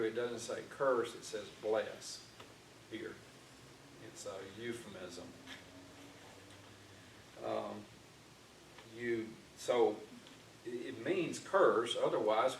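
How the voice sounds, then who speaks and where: A man teaching an informal Bible class in a church classroom, talking conversationally with frequent fillers and restarts. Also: mid-range voice. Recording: echoey room, distant mic, faint noise.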